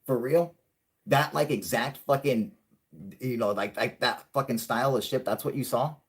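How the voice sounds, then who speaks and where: A man hosting a live stream, chatting casually and rambling with lots of swearing, saying he is high. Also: normal speed. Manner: profane, rambling, laughing often. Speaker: host.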